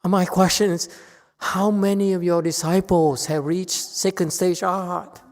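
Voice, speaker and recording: A man giving a Buddhist lecture, pressing his listeners with pointed rhetorical questions and jumping up in pitch to stress a point. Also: fairly even intonation, unhurried, big-room sound. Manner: sudden rises in pitch and force when stressing a point. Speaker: Buddhist teacher. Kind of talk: Dharma lecture.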